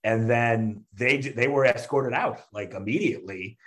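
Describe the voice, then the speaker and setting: Speaking at a moderate pace in a medium-pitched voice, a man who is a stand-up comedian guest tells a story during casual talk. He laughs often, acts out what others said with lively energy, and his speech is full of fillers and false starts.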